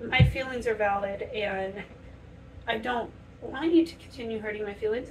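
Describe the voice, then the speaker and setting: A woman's voice: fairly high pitch, recorded from a distance, slight background noise, rough recording. A woman vlogger talking earnestly and conversationally while doing her makeup in a home bathroom, often acting out quoted speech. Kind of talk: casual chat to camera while doing makeup.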